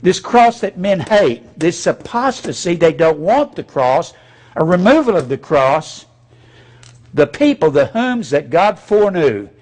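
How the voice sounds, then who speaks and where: A man delivers a sermon in a plain, blunt, folksy way, poking fun as he goes. His voice sits a little high and rises and falls widely. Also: sing-song, unhurried, darkish tone. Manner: folksy, blunt, preaching with mocking asides. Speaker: pastor.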